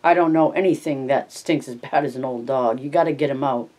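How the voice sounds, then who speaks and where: A man voicing a gruff, blunt ranch hand who talks in coarse, insistent phrases in a read-aloud story. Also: medium pitch, brisk, darkish tone, lightly acted, rough recording.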